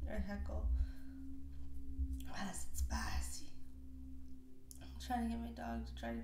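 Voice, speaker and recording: A woman's voice: on the high side, flat delivery, unhurried, vocal fry, long pauses. A young woman hosting a casual reaction video, chatty and giggly, voicing what the pets might think. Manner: giggly, chatty, voices pets' thoughts. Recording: echoey room with faint noise.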